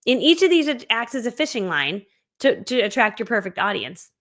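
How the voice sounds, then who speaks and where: An upbeat woman teaching a live-streamed training. She sits a little high in pitch and talks with amped-up, chatty energy, with frequent laughs between points. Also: sing-song, fairly quick, a bit bright. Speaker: host of an online business training.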